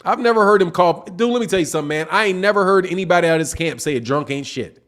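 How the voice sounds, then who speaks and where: A man's voice: high-pitched, animated, fast, fairly bright tone. A man hosting a casual boxing livestream, reading chat messages and talking in laid-back slang. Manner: laid-back slangy talk, says man and dog often. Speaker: boxing channel host.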